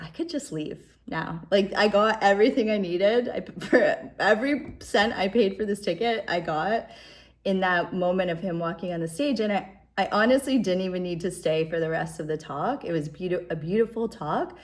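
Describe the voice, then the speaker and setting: A woman in her art studio, talking through an oracle card reading in a gentle, musing way, with soft laughs. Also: mid-range voice. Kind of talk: reflective spiritual talk.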